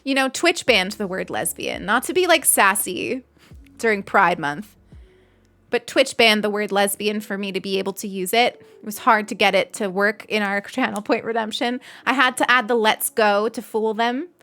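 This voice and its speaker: A woman's voice: mid-range voice, normal speed, pushed and bright. A young adult woman streamer chatting casually and giggling as she thanks donors on a live stream.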